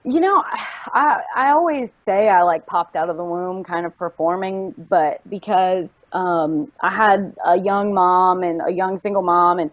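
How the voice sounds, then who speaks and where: A woman's voice: lowish voice, unhurried, no echo. A young woman from Tennessee with a faint Southern accent, chatting as an actress guest in an interview and acting out her stories as she tells them. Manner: animated storyteller, acts out quotes. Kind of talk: casual interview chat. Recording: dull lo-fi audio.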